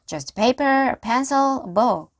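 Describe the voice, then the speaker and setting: A woman reading a storybook aloud and voicing a cautious young boy who speaks carefully and quietly. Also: sits high, animated, measured pace, no echo, clean studio sound, voice pushed up. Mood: nervous. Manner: careful, hushed. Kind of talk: read-aloud storybook voices.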